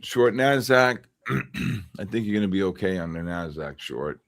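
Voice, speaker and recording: With a low, creaky voice, a middle-aged man hosts a live trading stream at a measured pace and steady tone. He chats and rambles informally, naming viewers from the chat as he goes.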